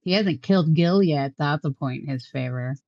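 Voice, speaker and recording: Woman player, low, anxious-jokey, dull lo-fi dry mic. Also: moderate pace, no echo. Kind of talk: tabletop role-play chat.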